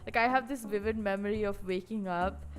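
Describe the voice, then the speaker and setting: A woman's voice: medium pitch, fairly quick, soft background music. A woman streaming casually, rambling and chatty with lots of filler words. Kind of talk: casual live-stream chat.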